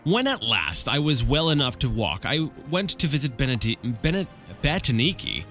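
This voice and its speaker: A man's voice: mid-range voice, very animated, normal speed, pushed and bright, soft background music. A man hosting a let's play, reading an in-game book aloud in a casual way, tripping over words and adding chatty asides. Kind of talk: casual read-aloud with commentary.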